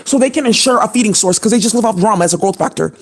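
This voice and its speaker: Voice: mid-range voice, rapid-fire, husky. A channel host speaking in a profane, scattered and indignant monologue to the camera, with many fillers.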